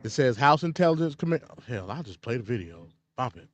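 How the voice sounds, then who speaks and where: A man's voice: mid-range voice, very animated, quick pace, muffled recording, slight background noise. A man hosting a casual political commentary show, blunt and opinionated. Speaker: host.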